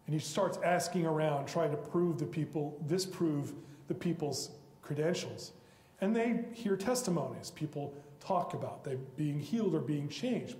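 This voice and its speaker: A guest lecturer gives a public lecture on literature from the stage of a college auditorium, where his fairly high voice rings through the large hall with a long reverb tail. Speaking a little slowly, he tells the stories with animated flair and acts out the characters' voices for their quoted lines.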